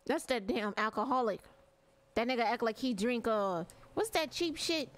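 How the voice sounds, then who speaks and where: Woman as a hood mom, pregnant, brash, foul-mouthed, indignant, high, lively pitch, game role-play. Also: normal speed, lightly acted. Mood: sassy. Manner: loud, cursing, indignant.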